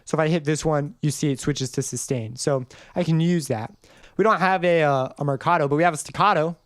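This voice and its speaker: A man's voice: fairly high pitch, fairly quick, no room sound. A young man casually explaining music theory in a tutorial, rambling a little and singing short notes to demonstrate. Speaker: music composition teacher. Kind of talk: screen-recorded tutorial.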